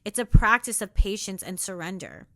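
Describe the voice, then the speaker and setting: A young woman hosting a spiritual self-help podcast, talking in an earnest, intimate way that moves between soft reflection and sassy encouragement. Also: medium pitch, very animated, moderate pace, no echo. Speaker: podcast host.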